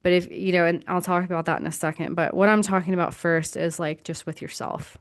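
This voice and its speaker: Woman host coaching casually: low, smooth voice, acts out quotes, loose and swearing. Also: little pitch movement, a little fast. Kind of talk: casual teaching talk.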